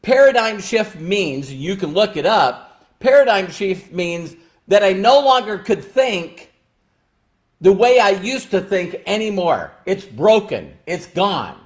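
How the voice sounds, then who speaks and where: An emotional, emphatic man talks to viewers in a live stream, his voice sitting high and swinging widely in pitch. He takes his time, drawing words out and hammering home phrases through repetition. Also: very animated, slow. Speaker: livestream host. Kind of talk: motivational live-stream talk.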